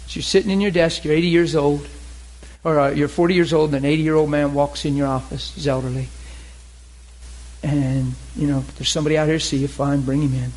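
A man preaching a sermon to a group, animated, acting out characters in his stories. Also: a little high, a little fast, poor audio. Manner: animated, voices characters in anecdotes. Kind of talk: sermon with acted-out scenes.

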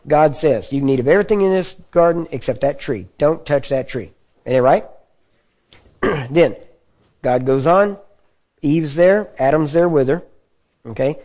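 Man preaching a casual, dark-toned sermon. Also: medium pitch. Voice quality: clears throat often. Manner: conversational teaching with frequent check-ins to the audience.

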